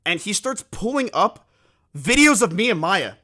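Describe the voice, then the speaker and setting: Young male streamer, high-pitched, swearing, animated storyteller. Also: normal speed. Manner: animated, swearing, self-mocking. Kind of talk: casual storytelling to stream chat.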